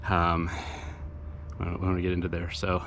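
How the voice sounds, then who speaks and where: Low male voice, rambling outdoor vlog narration, matter-of-fact, faint background noise. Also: monotone, a little slow, vocal fry, fairly bright tone. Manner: rambling, matter-of-fact, with many fillers and restarts. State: out of breath after a hill climb. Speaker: volunteer litter picker and channel host. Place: outdoors in woods and by a roadside.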